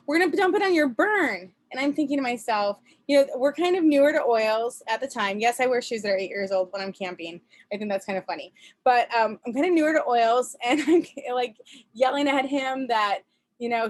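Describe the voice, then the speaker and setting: A woman's voice: a little high, fairly quick. A woman chatting casually on a video call from a camper, telling a story with frequent laughs, fillers and restarts. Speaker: presenter.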